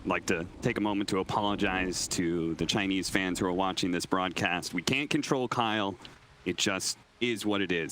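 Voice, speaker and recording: A man casting a live esports match, giving brisk, conversational play-by-play. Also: low-pitched, fairly bright tone, a little hiss or hum.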